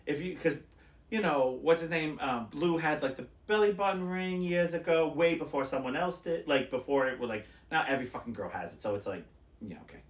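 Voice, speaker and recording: A man's voice: on the high side, lively intonation, fairly quick, echoey room. A man co-hosting a podcast, telling stories in casual chat and acting out the lines of the people in them. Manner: rambling storyteller, acts out quotes. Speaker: podcast co-host.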